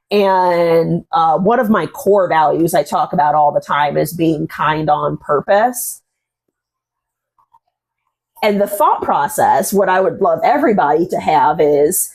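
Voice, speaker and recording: A woman hosting a casual interview about faith, telling stories earnestly with many fillers. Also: on the low side. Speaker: host.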